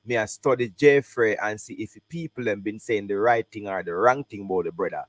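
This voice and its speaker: Low-voiced Jamaican man, dry sound. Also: fairly quick, no room sound. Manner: animated, speaks in patois and English. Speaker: host reacting to an interview. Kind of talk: casual reaction commentary.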